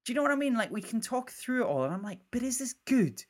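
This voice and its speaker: A man's voice: extremely high pitch, big pitch swings, fast. A man co-hosting a casual podcast, rambling through his thoughts on a film with many restarts and stumbles. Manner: rambling, stumbling restarts, swears, laughs often. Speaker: podcast co-host. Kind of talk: casual film review chat.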